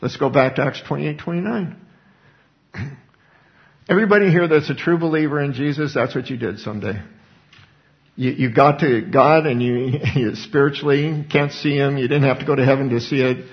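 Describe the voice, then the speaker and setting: A male preacher giving a sermon, expounding scripture earnestly and breaking into animated asides, on a dull lo-fi recording. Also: mid-range voice, moderate pace.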